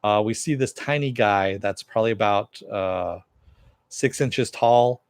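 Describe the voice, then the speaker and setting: Brief: male reviewer, lowish voice, loose chatty recap, dry close mic. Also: measured pace, smooth, dry recording. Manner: rambling, with many fillers; answers viewer chat. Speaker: TV show reviewer. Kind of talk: casual episode recap.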